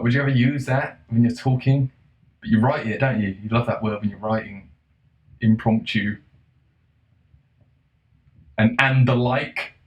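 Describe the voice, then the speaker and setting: Guy ranting, sweary and fed up, mid-pitch voice, bit of room echo. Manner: exasperated, sweary, sarcastic, with laughs. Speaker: vlogger. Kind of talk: casual ranting monologue.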